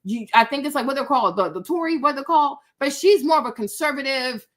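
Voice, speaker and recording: A woman talks to her audience in a casual commentary, her voice sitting high. She is emphatic and circles back to repeat her points, peppering her talk with "right?" and "okay?". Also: expressive, fast. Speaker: channel host.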